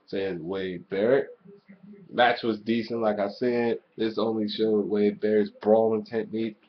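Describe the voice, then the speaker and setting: A man with a lowish voice rants through a casual wrestling recap, swearing at every turn and jumping between hype and irritation. The sound is dull and lo-fi, like a cheap home microphone. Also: unhurried. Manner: excitable, swears constantly, rants. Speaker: wrestling show reviewer. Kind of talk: casual profane review rant.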